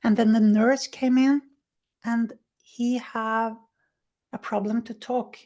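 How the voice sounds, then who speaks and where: A woman being interviewed, telling her recovery story in animated, halting, non-native English, acting out what people said. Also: on the high side. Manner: animated storyteller who acts out quoted speech. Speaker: interview guest. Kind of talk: personal recovery story told in conversation.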